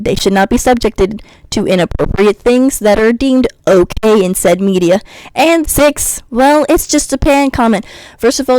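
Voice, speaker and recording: Here a US woman vlogger rants with blunt sarcasm, putting on sing-song voices to ridicule commenters. Her voice runs on the high side and a little mellow, recorded without echo in poor quality.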